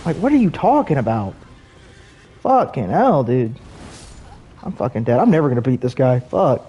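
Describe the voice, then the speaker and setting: A man streaming a video game and rambling to his chat, swearing often and filling every pause with "like". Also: medium pitch, very animated, dark tone, breathy edge, soft background music. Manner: rambling, profane, heavy on fillers. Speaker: gaming streamer. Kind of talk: rambling livestream chat while gaming.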